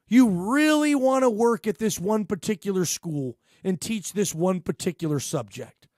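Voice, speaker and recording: This man, hosting sports talk radio, has a high-sitting voice and talks at normal speed in a dry studio recording. He delivers an animated, rambling monologue into the mic, with plenty of fillers and restarts.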